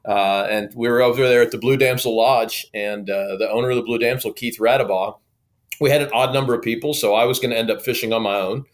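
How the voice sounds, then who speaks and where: A man from Oklahoma, a guest telling a story in a lively, casual way. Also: medium pitch, fast. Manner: lively, acts out quoted dialogue.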